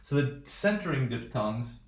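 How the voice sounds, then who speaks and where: A man teaching a phonetics lesson on video, often pausing to ask "right?" as he explains. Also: medium pitch, expressive. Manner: halting, checks in with "right?". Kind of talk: recorded lecture. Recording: roomy echo.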